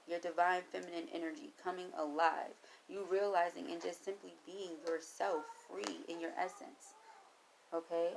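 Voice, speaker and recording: A woman's voice: on the low side, vocal fry, slight background noise, poor audio. A woman reading tarot cards for her viewers, who encourages them, talks to Spirit aloud and repeats her phrases like mantras. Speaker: tarot reader.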